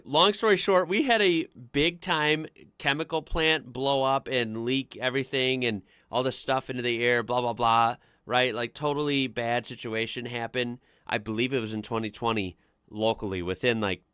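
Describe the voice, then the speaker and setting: A man's voice: medium pitch, pushed and bright, smooth, no room sound. Chatty American man, dry close sound. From United States. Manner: chatty, laughs often, frequent "like" fillers. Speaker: reaction channel host. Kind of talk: casual reaction commentary.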